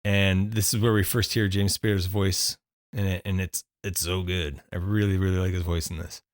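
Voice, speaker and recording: A man's voice: low voice, little pitch movement, normal speed, no room sound, clean studio sound. A man co-hosting a podcast, reviewing a film in casual chat, laughing often and restarting his thoughts. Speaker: podcast co-host.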